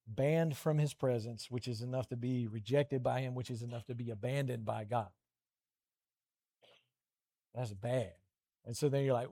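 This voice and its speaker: A man, middle-aged, preaching a lively children's sermon, animated storytelling with playful voiced asides. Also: mid-range voice.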